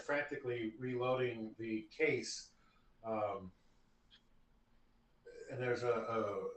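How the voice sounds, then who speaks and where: A man narrating as game master of a tabletop game, halting and repeating words. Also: mid-range voice. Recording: roomy, distant mic.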